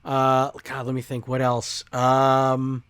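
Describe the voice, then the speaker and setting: A man's voice: mid-range voice, monotone, slow, a bit bright, smooth. A man, an actor, chatting easily as a podcast guest and using lots of fillers along the way. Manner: easygoing, chatty, with many fillers. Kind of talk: casual interview chat.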